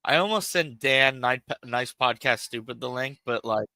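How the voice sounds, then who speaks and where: A man's voice: medium pitch, moderate pace, bright, forceful tone, no room sound, poor audio. A man streaming a game and chatting casually, rambling and swearing in a laid-back way on a cheap home mic. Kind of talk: casual stream chat while gaming. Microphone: cheap home microphone.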